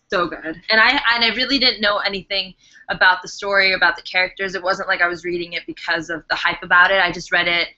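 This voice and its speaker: A woman's voice: lowish voice, sharp tone. A young woman from New York with a New York accent, co-hosting a casual live chat, chatty and teasing. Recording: dull lo-fi webcam audio.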